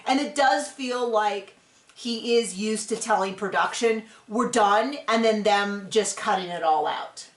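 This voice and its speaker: A woman's voice: medium pitch, a little slow. A woman hosting a reality-TV recap, chatty and opinionated, rambling with lots of fillers. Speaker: TV show recap host. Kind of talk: casual reality-TV recap commentary. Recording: echoey room.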